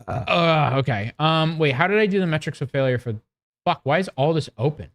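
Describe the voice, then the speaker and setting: A man's voice: on the high side, animated, fairly quick, dry recording. A young man talks loosely on his own livestream. He swears a lot and rambles with many fillers and restarts. His voice is dry and close to the mic. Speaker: livestream host. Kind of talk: casual political rant on a livestream.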